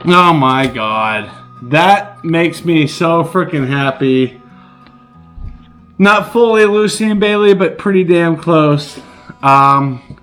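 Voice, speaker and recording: A middle-aged man filming a casual unboxing vlog, exclaiming with excitement as he opens a gift box. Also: mid-range voice. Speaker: vlogger.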